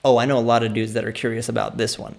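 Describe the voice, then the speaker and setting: Brief: man, podcast host, deadpan and clueless. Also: mid-range voice, rapid-fire, vocal fry. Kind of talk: deadpan comedy interview sketch.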